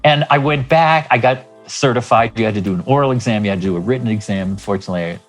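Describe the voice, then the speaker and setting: A man's voice: lowish voice, fast, soft background music. A man in his sixties, a life coach, telling stories in an interview and acting out dialogue in changing voices. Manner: animated, acts out dialogue in shifting voices. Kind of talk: storytelling interview talk.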